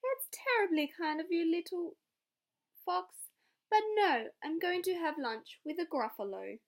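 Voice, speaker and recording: A woman's voice: extremely high pitch, expressive, a little slow, voice pushed up, full character voice. A woman doing a cheeky little storybook mouse. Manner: bright, emphatic storybook read-aloud. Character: quick-thinking small boastful mouse.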